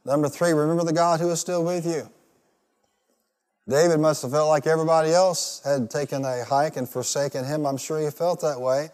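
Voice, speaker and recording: A man's voice: a little high, fairly even intonation, normal speed, long reverb tail. A male pastor preaching a rousing sermon, leading the congregation in call-and-response. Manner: rousing, call-and-response, rising to loud peaks.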